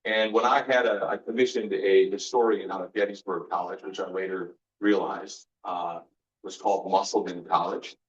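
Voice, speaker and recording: A man's voice: deep voice, steady tone, normal speed. A man giving an earnest faith-based motivational talk as guest speaker, telling personal stories and acting out the exchanges in them. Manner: earnest storyteller, acts out quoted exchanges. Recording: roomy, distant, dull sound.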